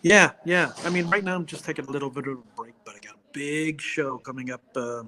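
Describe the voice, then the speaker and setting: A man, a comedian guest, chatting casually, joking and riffing quickly while plugging his shows. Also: fairly high pitch, sharp tone, slight background noise. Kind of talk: casual chat.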